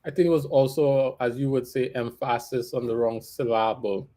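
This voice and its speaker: A man's voice: mid-range voice, steady tone, normal speed, warm tone. A man leading a casual faith discussion, explaining his points in a thoughtful way with light laughs.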